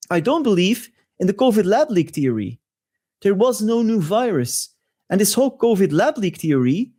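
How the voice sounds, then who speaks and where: Male show host, high-pitched, conspiratorial commentary monologue. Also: a little mellow. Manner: conspiratorial, rhetorical asides.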